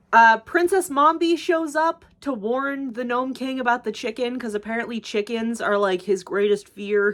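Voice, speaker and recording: A woman's voice: mid-range voice, fairly bright tone. Young woman gushing through a movie recap. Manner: rambling, gushing, swears freely, many fillers. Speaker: YouTuber.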